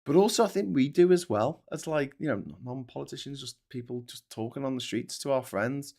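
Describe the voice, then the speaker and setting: A man's voice: mid-range voice, a little fast, darkish tone. A man hosting a show, ranting in casual, heavily sweary commentary. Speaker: host.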